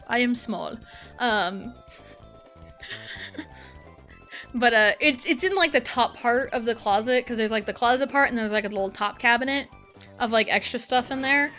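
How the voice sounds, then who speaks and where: High, bright-voiced woman streamer. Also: a little slow, pauses often, soft background music. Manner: rambling, exasperated, full of fillers. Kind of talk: casual chat while gaming.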